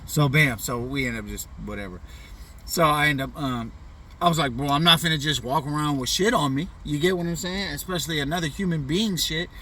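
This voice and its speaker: A man's voice: a little high, fairly quick, pushed and bright, recorded from a distance, a little hiss or hum. Laid-back man telling a profane story. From US Pacific Northwest. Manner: loose, profane street slang with frequent "you know what I'm saying". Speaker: vlogger. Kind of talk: casual storytelling.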